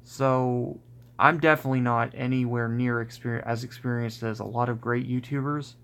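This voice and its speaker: A man chatting loosely to his viewers on a livestream, with a gravelly, creaky edge to his voice. He talks in loose, self-interrupting runs and often seems about to crack up. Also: mid-range voice, steady tone, moderate pace, fairly bright tone. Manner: rambling, self-interrupting, often breaking into laughter. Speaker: YouTube channel host on a livestream. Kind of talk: casual rambling livestream chat.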